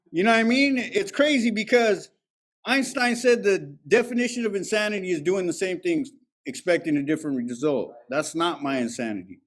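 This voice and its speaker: Brief: man, fairly high voice, blunt, streetwise, swears freely, recovery-meeting share. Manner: candid, profane, streetwise storytelling. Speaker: speaker at a recovery alumni meeting. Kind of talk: personal recovery testimony.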